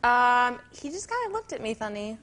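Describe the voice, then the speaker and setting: A woman's voice: fairly high pitch, very animated, moderate pace, noisy background. A woman telling a breezy, casual story as an interview guest. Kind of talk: anecdote in an interview.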